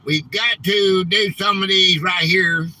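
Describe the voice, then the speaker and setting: High, bright man on a live stream. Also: steady tone, slow, low-quality recording. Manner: rambling, easily frustrated, says "man" often. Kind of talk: casual live stream chat.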